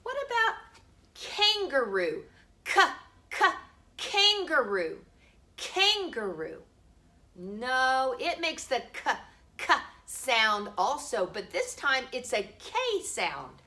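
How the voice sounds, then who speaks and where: Slow sing-song preschool teacher, bright voice. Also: female voice, high voice, sing-song. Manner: slow, sing-song, sounds out letters with emphasis. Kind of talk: teaching a phonics lesson to young children. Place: home room.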